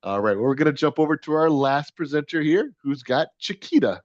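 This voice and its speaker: A man's voice: a little high, animated, a little fast, dry recording. Upbeat man hosting on a dull call line. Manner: enthusiastic, laughs often. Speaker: host of a virtual dog adoption event. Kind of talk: upbeat promotional chat. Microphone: video call.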